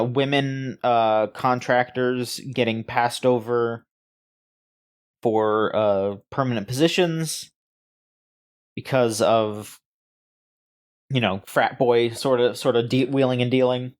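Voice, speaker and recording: A man co-hosting a casual gaming news podcast, rambling and halting with frequent restarts and fillers. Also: mid-range voice, fairly even intonation. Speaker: podcast co-host.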